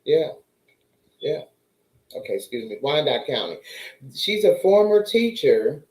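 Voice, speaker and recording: A woman's voice: low-pitched, big pitch swings, unhurried, a little mellow, reverberant, poor audio. A woman chatting casually to her viewers, telling a story and acting out the voices of the people in it. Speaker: vlogger.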